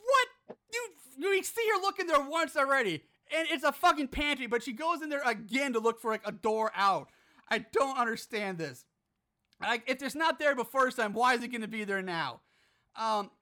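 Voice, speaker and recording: A man's voice: very high-pitched, pushed and bright. Profane, exasperated man recapping a movie. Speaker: podcast host.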